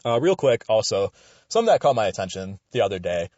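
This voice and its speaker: A young man with a fairly low voice rambles through a casual sports commentary, swearing freely and getting animated. He is recorded close and dry, and the sound is a little dull. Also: quick pace, no room sound. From Western New York. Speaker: radio show commentator.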